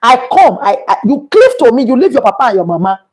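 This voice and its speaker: A woman's voice: fairly high pitch, very animated, quick pace, a little mellow, slightly rough. A woman with a Nigerian accent hosting a live stream, talking emphatically and quoting scripture as she repeats her points. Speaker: livestream host. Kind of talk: preachy live-stream talk.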